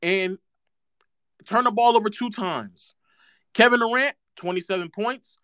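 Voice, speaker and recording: A man's voice: high voice, unhurried, bright, forceful tone, clean tone, no room sound, clean studio sound. A man streaming live, ranting about basketball in a sarcastic, mocking way and repeating phrases for effect.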